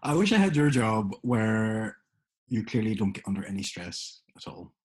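A man's voice: fairly low pitch, lively intonation, normal speed. A man co-hosting a casual podcast chat, joking wryly and laughing often. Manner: laughs often, wry jokes. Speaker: podcast co-host.

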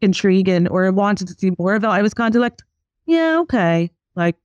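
A young woman co-hosting a casual pop culture podcast, playful and expressive with jokey asides. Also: medium pitch, fast, dry recording, muffled recording. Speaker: podcast co-host.

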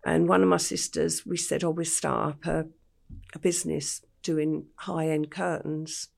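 An older English woman, a podcast interview guest, retelling her past slowly and matter-of-factly with quoted dialogue. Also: low voice, little pitch movement, darkish tone. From England. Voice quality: gravelly, husky.

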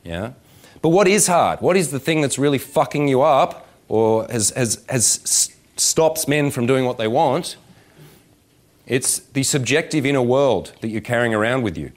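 A man's voice: medium pitch, normal speed. A man, a dating coach giving a live seminar talk. He swears freely, jokes and acts out little scenes. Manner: profane, animated and joking, slips into voices to act out scenes. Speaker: dating coach speaking at a workshop. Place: indoor event room with about 160 people.

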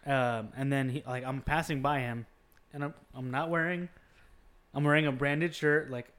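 A man in casual podcast chat with a profane, animated way of telling stories. His voice sits at an ordinary middle pitch, and he swears freely while jumping into anecdotes. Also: normal speed, smooth.

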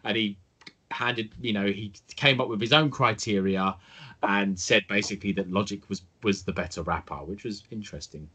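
Husky low-voiced man rambling. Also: moderate pace. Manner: rambling, sweary, trails off quietly. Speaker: podcast co-host. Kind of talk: casual chat.

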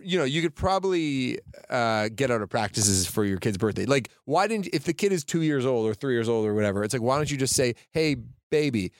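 A man talks fast and loose in a casual podcast conversation. His voice sits at a middle pitch and sounds dry and close to the mic. He swears casually as he goes. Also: sing-song, no room sound. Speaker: podcast co-host. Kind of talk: casual chat.

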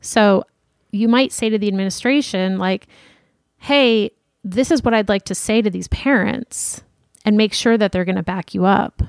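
A woman co-hosts a casual advice podcast in a chatty, encouraging way. Her voice sits at a middle pitch. It is recorded close and dry, with no room sound. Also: no echo. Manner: chatty, encouraging, quick to laugh. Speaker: podcast co-host.

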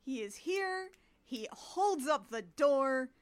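High, animated woman storyteller. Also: slow. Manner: animated storyteller, laughs often. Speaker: podcast host recapping a film. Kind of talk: comedic casual recap.

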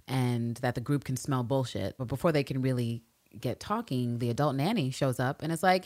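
A woman co-hosting a podcast, casually recapping a TV episode in a brash, profane, animated way. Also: rumbling low, moderate pace. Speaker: podcast co-host.

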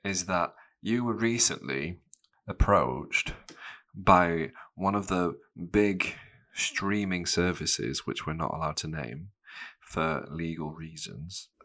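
A man with a very deep, low voice hosts a podcast in relaxed, casual chat. He teases his guest and laughs often as he talks. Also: takes it slowly. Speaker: podcast host. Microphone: remote call mic.

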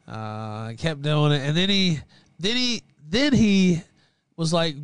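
A man with a Southern US accent hosting a casual livestream as moderator, rambling and chuckling often as his volume swings from loud to low. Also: expressive, a little slow, clean tone, no room sound.

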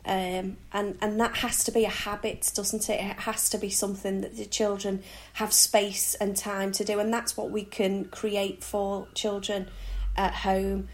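A woman guest speaks in an interview at a middle pitch. She hesitates often, filling her talk with ums and uhs and ending points with tag questions. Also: little pitch movement, unhurried. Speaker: podcast guest, reading charity founder. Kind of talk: conversational interview.

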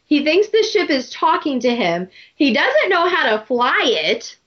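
A woman hosts a casual book club discussion with a high, very lively voice. She talks in an animated way. The recording is a bit dull and lo-fi. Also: measured pace. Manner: animated, laughs often, acts out characters' lines. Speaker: podcast host.

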